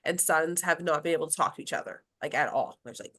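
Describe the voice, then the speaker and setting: A woman's voice: deep voice, fast, fairly bright tone. A woman who works as a grief specialist, talking casually in an interview with many restarts, fillers and laughs.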